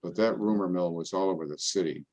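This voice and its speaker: An older man, a priest, giving a relaxed, conversational talk full of homely anecdotes and playful voices for the people in them. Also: sits low, fast talker. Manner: folksy storytelling, acts out other people's voices. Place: parish event, indoors.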